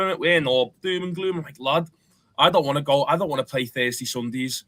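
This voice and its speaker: Scouse lad talking really fast, bright sharp voice, blunt and sweary. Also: male voice, fairly high pitch. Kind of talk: live fan show chat.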